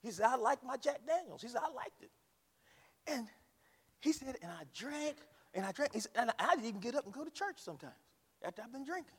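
A man preaching a sermon, swinging from hushed storytelling to shouted climaxes. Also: very high voice, very animated, fairly quick, breathy edge. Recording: long reverb of a large hall.

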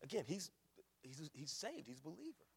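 A man preaching, his gravelly voice sitting a little high. He moves from quiet storytelling to ringing declarations and calls the congregation y'all. A long reverb hangs on every word. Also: big pitch swings, moderate pace. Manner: swings from hushed storytelling to loud preaching; folksy, addresses the congregation as y'all. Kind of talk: sermon.

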